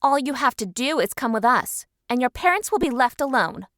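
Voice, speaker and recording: A woman's voice: sits high, animated, moderate pace, a bit bright, no echo, clean studio sound. Woman doing a smug cruel shifter woman. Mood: taunting.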